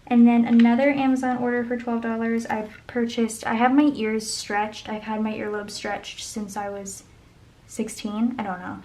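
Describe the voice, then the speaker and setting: A woman's voice: on the high side, vocal fry, a little mellow, slight background noise, low-quality recording. A woman chatting casually as she goes over her budget, thinking aloud and murmuring sums under her breath. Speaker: budget vlogger. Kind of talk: casual talk while planning.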